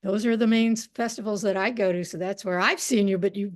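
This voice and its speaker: A woman's voice: mid-range voice, fairly even intonation, a little fast. A woman hosting a storytelling event, enthusiastically introducing the next teller over a video call. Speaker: event host.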